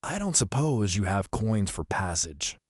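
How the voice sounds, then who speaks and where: A silky, menacing ferryman of the dead with a British lilt and a trace of another mother tongue, as a male audiobook reader puts him on. He talks down sweetly with a cold edge, in a lowish voice. The sound is close and dry. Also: sing-song, measured pace, no room sound, full character voice. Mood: smooth. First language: not English. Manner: smooth, sweetly menacing, condescending. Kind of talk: audiobook character reading.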